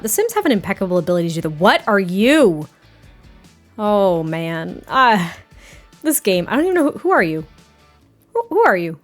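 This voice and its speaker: A woman's voice: medium pitch, sing-song, fairly quick, faint music behind. A young woman narrating a life-sim game story in a chatty, giggly, rambling way. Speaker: gameplay creator.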